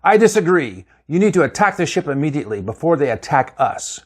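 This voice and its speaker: A man's voice: fairly high pitch, big pitch swings, fairly quick, breathy edge, pitched above the performer's own voice. A man reading as a blunt, aggressive alien. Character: aggressive male alien guest, urging attack.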